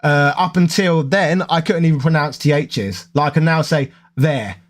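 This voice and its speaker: A man's voice: a little high, normal speed. A man with a London accent, chatting casually and rambling to his viewers. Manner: rambling, conversational, self-correcting. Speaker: gaming YouTuber.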